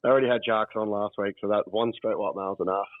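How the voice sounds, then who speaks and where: A man's voice: lowish voice, steady tone, very fast, no echo. An Australian man calling in to a podcast from a holiday abroad, chatting laid-back and swearing often. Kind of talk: casual podcast chat. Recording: dull lo-fi call line.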